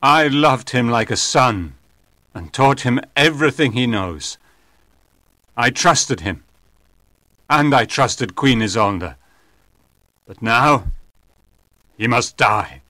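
A man voicing a stern, jealous aging king in an audiobook story, slow and emphatic. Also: mid-range voice, lively intonation, sharp tone, no room sound, studio quality. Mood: grieving wrath.

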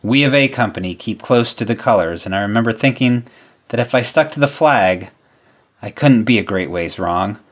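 Solemn low-voiced male narrator. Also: lively intonation. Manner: measured, solemn reading with falling line ends. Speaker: narrator reading a memoir. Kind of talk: scripted narration.

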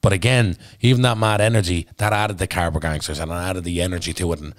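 A deep-voiced man with an Irish Traveller accent rattles through his stories at a quick clip, blunt and full of swearing. He talks as a guest on a podcast, and the sound is close and dry with no room behind him. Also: dry recording. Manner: blunt, sweary, animated storytelling. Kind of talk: casual podcast chat.

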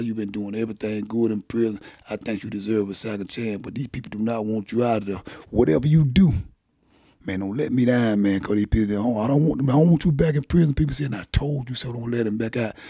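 Older man, storyteller, low and husky, acts out voices. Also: dry recording, studio quality. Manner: animated retelling, acts out quoted voices. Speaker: guest telling his life story. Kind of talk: storytelling in casual conversation.

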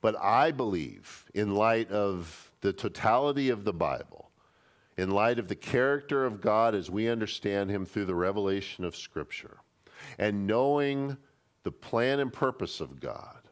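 A man's voice: lowish voice, expressive, a little slow. A man, a pastor teaching a Bible study in a conversational, emphatic way. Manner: conversational and emphatic, acting out quoted speech.

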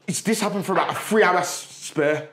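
A man's voice: high voice, a little fast, a bit bright. A man from England co-hosting a podcast, telling a story in heartfelt, slangy casual chat. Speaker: podcast co-host.

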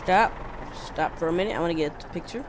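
A woman's voice: on the low side, fast talker, noisy background. A woman giving casual let's-play commentary, rambling and thinking aloud as she mumbles to herself. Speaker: gameplay commentator.

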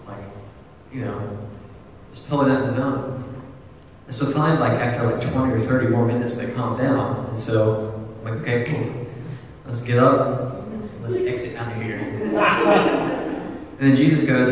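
A young adult man preaching a sermon in a casual, animated storytelling manner, full of asides. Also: medium pitch, normal speed, background noise. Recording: echoey hall, far from the mic.

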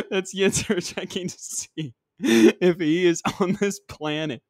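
A young man co-hosting a podcast in casual chat, chiming in with quick jokes and frequent laughter. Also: high-pitched, a little mellow, no echo. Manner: quick jokey interjections, laughs often. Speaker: podcast co-host.

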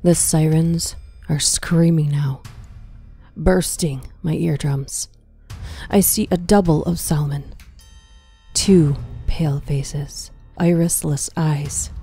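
A woman reads a horror story in a very low, dark voice. She speaks slowly and often drops into a hushed whisper, keeping the tension tight. Faint music plays beneath her. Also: breathy edge. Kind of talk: scripted horror narration.

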